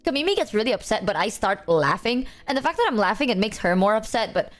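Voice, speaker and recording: A young woman streamer in casual chat, telling animated stories and acting out friends in exaggerated voices. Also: quick pace. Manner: animated storyteller, acts out friends in high voices. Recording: faint music underneath.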